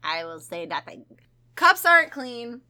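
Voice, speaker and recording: A woman with a bright, high-set voice tells a crime story on a podcast. Her pitch swings widely as she laughs, swears and acts out the people in the case. She sounds loose and chatty. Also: measured pace, clean tone. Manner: laughing, profane, animated storytelling. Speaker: podcast co-host. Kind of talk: casual true-crime podcast chat.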